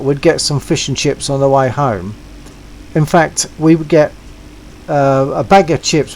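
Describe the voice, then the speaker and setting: A man's voice: a little high, darkish tone, a little hiss or hum, low-quality recording. An older English man hosting a casual game stream, chatting and reminiscing with a laugh. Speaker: stream host. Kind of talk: casual gaming chat.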